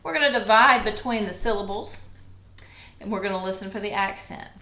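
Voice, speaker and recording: A woman teaches a phonics lesson, patiently and slowly going through each step one at a time. Her voice is mid-range with a sharp tone, recorded in an echoey classroom with faint ambience.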